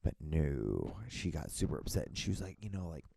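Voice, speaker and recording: Swearing laid-back man with a deep gravelly voice. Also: very animated, normal speed, few pauses, a little mellow, no room sound. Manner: rambling, swears a lot, acts out quotes. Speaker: podcast host. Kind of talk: casual solo monologue.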